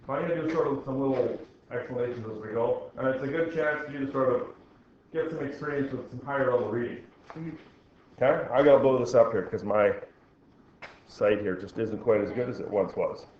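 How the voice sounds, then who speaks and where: A man's voice: mid-range voice, brisk. A middle-aged man teaching a science class, reading a text aloud and stopping to explain it, with dry jokes for the students. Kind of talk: classroom lecture. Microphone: recorder in the room. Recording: very echoey, dull classroom recording with faint noise.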